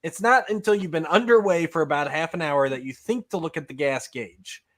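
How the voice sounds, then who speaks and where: A man's voice: a little high, brisk, a bit bright. Man reading a gamebook aloud. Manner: casual, laughs between lines. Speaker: podcast host. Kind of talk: reading a choose-your-own-adventure book aloud.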